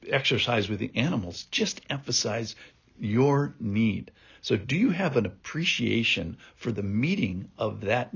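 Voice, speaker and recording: An earnest male preacher with a gravelly, husky voice and a middle pitch, giving a reflective sermon. He pauses and restarts as he works through each thought. The audio is dull and lo-fi.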